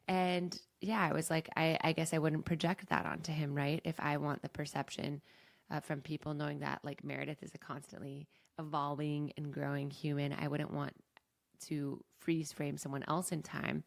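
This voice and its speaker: A woman's voice: deep voice, creaky, no echo, studio quality. A young adult woman hosting a podcast, talking casually and reflectively as a coach, with many fillers. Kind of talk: reflective personal talk.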